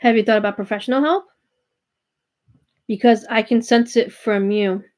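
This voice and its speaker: A woman giving a live tarot reading, speaking gently and reassuringly to a viewer, with frequent fillers and restarts. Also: on the high side, steady tone, moderate pace. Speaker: tarot reader and spiritual coach hosting a live reading. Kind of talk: live-stream chat with viewers.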